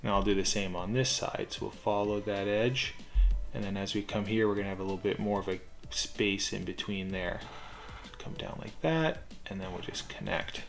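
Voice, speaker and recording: A man with a fairly low voice and a gravelly edge talks through a drawing tutorial. His delivery is calm and methodical, and he describes each line as he draws it. Faint music plays underneath. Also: normal speed. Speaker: drawing instructor.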